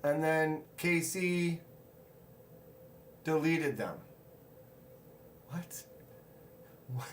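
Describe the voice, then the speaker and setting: A man hosts a casual livestream, reading viewer comments aloud and greeting people in the chat. His voice is on the high side, sing-song and a bit bright, moving slowly with long pauses; the room sounds roomy and echoey, with a little hiss or hum.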